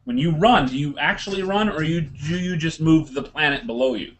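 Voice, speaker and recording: A man on a casual podcast, excitedly telling a story and acting out the quotes with plenty of laughter. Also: a little high, a little fast, slight background noise. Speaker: podcast guest.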